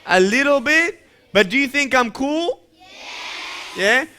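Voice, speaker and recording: A man's voice: very high-pitched, expressive, slow, bright, forceful tone, a faint crowd. A young man giving a playful motivational talk to schoolchildren, asking questions and leading them in call-and-response chants. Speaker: motivational speaker addressing schoolchildren. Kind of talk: animated interactive talk to kids.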